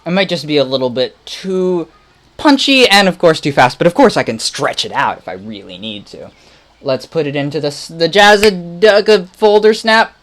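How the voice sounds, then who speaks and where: A man's voice: fairly high pitch, big pitch swings, normal speed, fairly bright tone. Man musing aloud while remixing. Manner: muttering to himself, playful, rambling. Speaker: music producer livestreaming.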